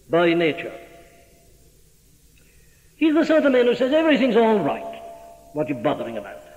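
A man's voice: a little high, a little mellow. A male preacher giving an emphatic sermon, pressing the listener with rhetorical questions. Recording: dull old recording, long hall reverb.

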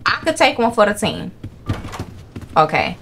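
Jumpy, excitable young woman gamer. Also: medium pitch, measured pace, creaky, slight background noise. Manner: excitable, profane, jumpy reactions. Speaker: gaming channel host. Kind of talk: live horror game commentary.

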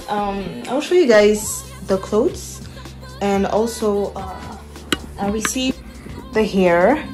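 A woman art vlogger chats casually to camera at a slow pace, searching for words and using many fillers. Her voice is mid-range, and the roomy, echoey recording has background music playing.

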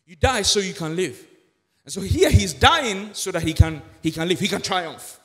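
A pastor preaching a sermon in a church, emphatic with many rhetorical questions. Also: male voice, high voice, animated, normal speed, fairly bright tone, soft background music. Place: church sanctuary. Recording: echoey church hall.

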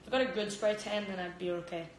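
Chatting live into her phone camera from her home kitchen, a young Australian fighter rambles and giggles, saying "like" constantly. Her medium-pitched voice runs fast with fairly even intonation, and there's roomy kitchen echo plus slight background noise.

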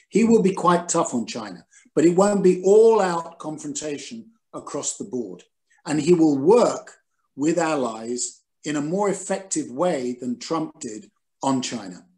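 An older man speaks over a video call in a measured, analytical way. His voice sits a little high for a man. He stops now and then on ums and restarts as he works through his points. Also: a little mellow. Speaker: interview guest, former newspaper editor.

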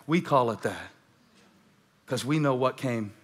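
A man preaching a sermon to a church crowd, starting hushed and building to shouting, repeating lines for emphasis. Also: medium pitch, lively intonation, unhurried. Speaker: pastor. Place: large church auditorium.

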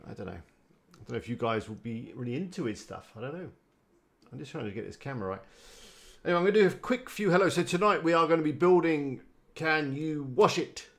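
A man's voice: fairly high pitch, animated, brisk. A man chatting casually on a live stream, rambling and greeting viewers by name. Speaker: live-streaming website builder.

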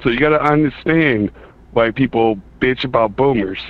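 A man from Chicago calling in over a tinny phone line. He talks in a casual, blunt and slangy way, pushing back hard, and his voice sits at an ordinary mid pitch. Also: normal speed. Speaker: caller. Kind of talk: argumentative call-in.

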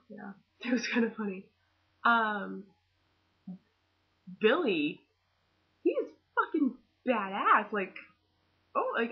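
Teen girl fangirling hard into her webcam, kinda breathy voice, muffled cheap audio. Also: mid-range voice. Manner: gushing, excitable fangirl chatter full of "like" and "oh my god". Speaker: vlogger. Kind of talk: casual movie review vlog.

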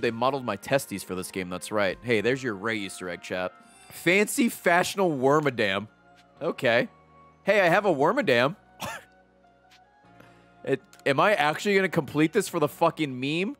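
A man in his thirties commentating live on his gameplay, swearing and reacting loudly and excitably. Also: medium pitch, normal speed, faint music behind. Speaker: streamer playing a video game.

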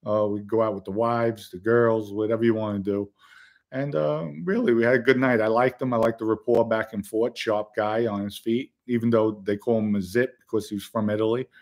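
A man's voice: fairly low pitch, steady tone, fairly quick, darkish tone. A man hosting a livestream, telling a story to his chat in a blunt, streetwise way with many fillers and asides. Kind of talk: casual storytelling to a live chat.

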